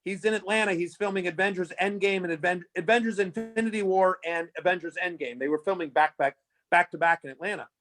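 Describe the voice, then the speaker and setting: High-voiced man telling rambling stories. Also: quick pace. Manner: rambling, lots of fillers and restarts, animated retelling. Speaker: fantasy sports analyst guest. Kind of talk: casual interview storytelling.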